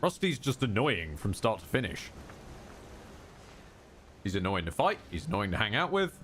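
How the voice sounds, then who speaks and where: A man's voice: fairly low pitch, very animated, moderate pace, fairly bright tone, slight background noise. A man streaming a game live, talking to himself with sarcastic, jokey commentary. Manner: sarcastic, jokey self-talk.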